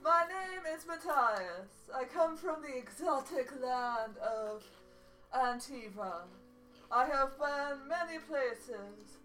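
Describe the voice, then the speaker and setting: A woman's voice: sits high, animated, a bit bright, soft background music, exaggerated voice. A woman playing a smug flirtatious swordsman. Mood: boastful. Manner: boastful, slow theatrical delivery. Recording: echoey room, far from a single mic.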